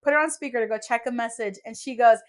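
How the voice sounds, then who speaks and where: With a highish voice and quick pace, this young podcast host tells stories casually over a podcast mic. She's an animated storyteller who performs the quotes of the people she mentions.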